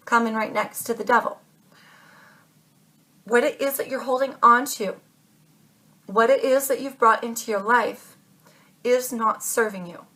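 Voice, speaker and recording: A woman's voice: a little high, steady tone, measured pace, long pauses, bright, forceful tone. A woman giving a tarot reading to her viewers, earnest and insistent, repeating her points and calling listeners babe and darling. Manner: emphatic, insistent advice. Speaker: tarot reader.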